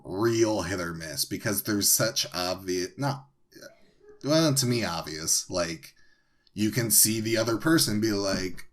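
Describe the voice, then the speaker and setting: A man with a lowish voice in casual podcast chat, hesitant and full of restarts. He sounds dry and unimpressed, and he shrugs off the jokes. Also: unhurried. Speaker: podcast co-host.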